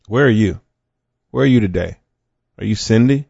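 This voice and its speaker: A man's voice: medium pitch, normal speed, vocal fry, mellow, dry recording, highs cut off. A man hosting a faith podcast, talking conversationally with fillers, restarts and rhetorical questions. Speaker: podcast host.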